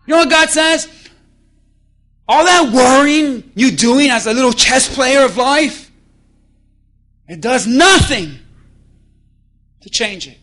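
A man preaching a lively, playful sermon in church, calling for responses and acting out voices. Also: very high voice, slow, pauses often. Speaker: pastor.

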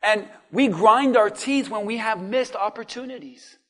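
A male pastor preaching a sermon, acting out the cries of people with sudden shouts. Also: high voice, a little slow. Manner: dramatic, acts out voices of people in hell.

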